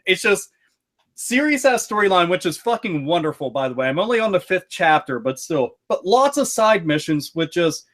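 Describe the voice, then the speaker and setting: A man with a notably high speaking voice, chatting casually on a podcast. He tells his stories with excitable energy and swears constantly. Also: normal speed. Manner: profane, excitable storytelling with frequent swearing. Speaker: podcast host reviewing a video game.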